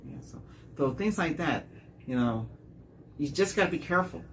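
Man, gravelly voice, rambling dating stories, repeats words, faint hiss behind. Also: fairly high pitch, moderate pace. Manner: rambling, repeats words, animated when quoting. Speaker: dating vlogger. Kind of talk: casual storytelling monologue.

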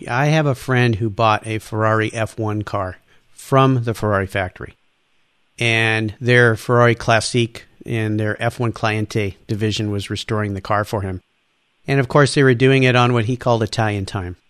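A man hosting an interview, telling anecdotes in an animated way and acting out the people in them. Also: mid-range voice, normal speed, clean tone, dry recording, clean studio sound. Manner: animated storyteller, acts out quoted voices. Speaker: interview host. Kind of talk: conversational interview.

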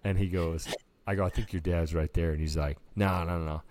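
A man's voice: low-pitched, fairly quick, no room sound. A man co-hosting a podcast, telling a story in casual chat, acting out quotes with lots of "dude". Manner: animated storyteller, acts out quotes, says "dude" a lot. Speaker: podcast co-host.

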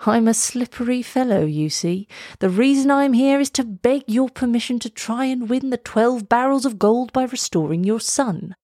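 A woman voicing a sly, smooth-talking thief who speaks softly and wheedles. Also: a little high, normal speed, no echo, studio quality, voice pushed up, lightly acted. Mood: wheedling.

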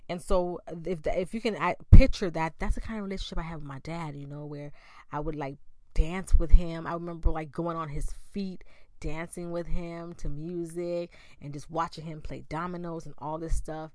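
A woman's voice: low voice, steady tone, moderate pace, darkish tone, dry recording. A woman in her thirties candidly telling a personal story in a conversational way. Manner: candid and conversational, with many fillers and acted-out quotes. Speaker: speaker sharing a personal story.

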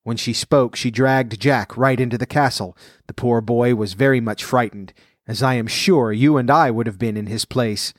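A man narrating a fairy tale in a steady, even storybook reading. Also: medium pitch, normal speed, dry recording, clean studio sound.

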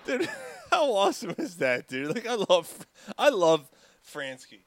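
A man hosting a casual sports podcast with friends, laughing often and firing off quick asides. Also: sits high, wildly swooping pitch, a little hiss or hum. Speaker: podcast host.

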